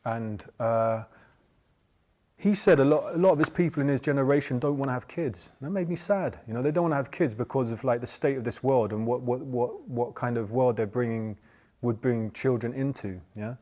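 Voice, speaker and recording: A man's voice: mid-range voice, normal speed, mellow. A man giving an informal Buddhist talk, rambling and chatty, often checking in with "yeah?". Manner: chatty, tags points with "yeah?"; loose and rambling, with many restarts. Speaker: Buddhist teacher.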